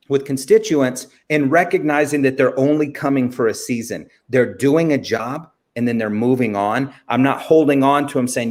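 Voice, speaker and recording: Earnest preacherly man, speaking as a guest. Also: mid-range voice. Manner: earnest, preacherly, addresses listeners as friend. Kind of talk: casual faith interview.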